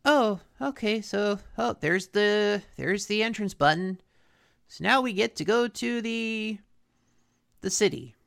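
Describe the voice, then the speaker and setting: A woman of medium pitch speaks slowly in a creaky voice. While co-hosting a casual talk, she goes over a cartoon episode in a rambling fashion, stuffed with fillers and constant restarts.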